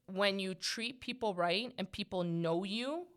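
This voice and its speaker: A middle-aged woman hosting a podcast, talking loudly and animatedly in casual conversation, laughing often. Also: medium pitch, measured pace. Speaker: podcast host.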